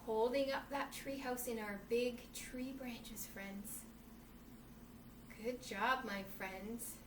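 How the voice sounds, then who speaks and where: A young woman reads a picture book aloud and guides children through yoga poses, calling them friends and cheering them on. Her voice sits high. She is heard from across an echoey room with faint background hum. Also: steady tone, slow pace. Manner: encouraging, addresses kids as friends, acts out the story's shouts. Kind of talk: reading a storybook aloud while leading kids' yoga. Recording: echoey room from some distance.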